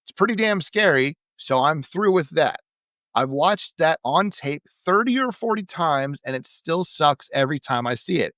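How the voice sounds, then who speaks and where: A man reading out the lines of a gruff, defiant male wrestler, blunt, combative and full of curses. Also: on the high side, expressive, normal speed, fairly bright tone, no room sound.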